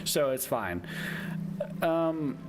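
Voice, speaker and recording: A man's voice: a little high, lively intonation, very slow, noisy background. A man streaming live, talking in a hesitant, self-conscious way with lots of restarts. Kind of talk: casual voice chat.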